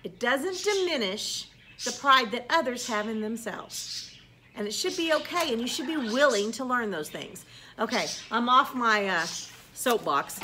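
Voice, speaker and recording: A middle-aged woman, a teacher, chatting casually into the camera and telling stories about her students with animated quoted voices. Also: on the high side, a little slow, slight background noise. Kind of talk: casual vlog monologue.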